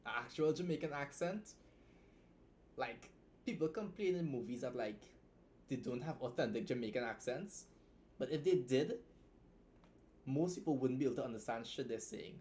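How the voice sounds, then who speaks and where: His mid-range voice is a little mellow with lively intonation, and a slight hiss or hum runs underneath. This young Trinidadian writer hosts a laid-back livestream, reacting to a story with blunt jokes, free swearing, and rapid asides.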